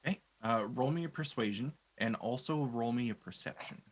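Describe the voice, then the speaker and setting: A man running a tabletop game as game master, narrating scenes and lore in a measured, descriptive way. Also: mid-range voice, rough recording.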